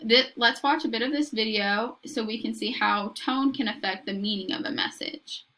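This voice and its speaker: A woman lecturing in a measured, explanatory way, now and then restarting a word. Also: on the high side, bright, forceful tone. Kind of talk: recorded lecture.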